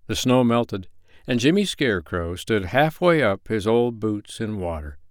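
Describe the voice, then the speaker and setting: A man narrating a storybook in a measured, expressive way. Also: lowish voice, no echo, studio quality. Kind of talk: storybook reading.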